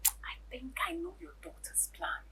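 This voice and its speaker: Nollywood role: a theatrical, jealous Nigerian woman, bright and high. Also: huge pitch swings, unhurried, slightly rough, exaggerated voice. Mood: suspicious. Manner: theatrical, loud, mocking. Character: jealous, scheming, dramatic woman girlfriend. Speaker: actress. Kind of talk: Nollywood film acting.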